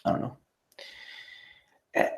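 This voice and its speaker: A man hosting his own livestream, ranting in a profane, mocking, rambling way. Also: slow pace. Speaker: YouTube livestreamer. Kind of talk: casual livestream rant.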